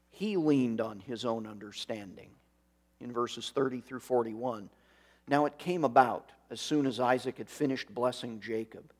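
A middle-aged man preaching a sermon, speaking earnestly and reading scripture aloud with commentary. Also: medium pitch. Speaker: pastor.

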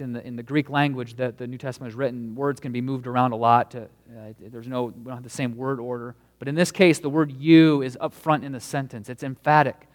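A man's voice: mid-range voice, big-room sound. A man preaching a sermon as a pastor, earnest and emphatic, leaning hard on key words.

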